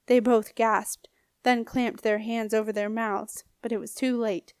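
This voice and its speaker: A woman narrating a children's fantasy audiobook in a clear, lively read-aloud manner. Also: mid-range voice, normal speed, no room sound, studio quality. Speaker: audiobook reader. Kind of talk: storybook narration.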